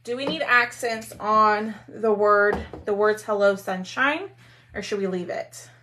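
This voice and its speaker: A woman's voice: mid-range voice, a little slow, bright, forceful tone. A woman hosting a casual craft live stream, chatting with viewers while she works. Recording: faint background noise.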